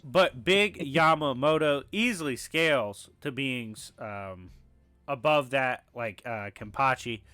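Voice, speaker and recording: A man with a bright, crisp voice lays out a scripted argument in a brisk, matter-of-fact way, dropping filler ums. His voice is a little raspy today. The recording is dry and close. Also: medium pitch, no echo, faint music behind. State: slightly raspy voice. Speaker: video essay narrator.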